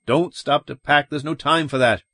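A man's voice: on the high side, moderate pace, pushed and bright, dry recording, studio quality, voice pushed up. A man voicing a tense, urgent middle-aged husband and father in an audiobook, talking in an insistent, commanding way. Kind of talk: audiobook character voice.

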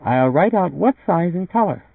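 A man's voice: sits high, expressive, normal speed, gravelly, slightly rough, no echo, narrow, tinny audio, voice pushed up, full character voice. A man voicing a blunt, teasing young pregnant woman in a read-aloud story. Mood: pert.

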